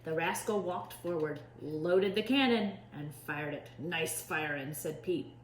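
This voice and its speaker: A woman teacher reading a storybook aloud to children with expressive storytelling. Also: fairly low pitch, a little slow, slight background noise. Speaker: preschool teacher. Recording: echoey room.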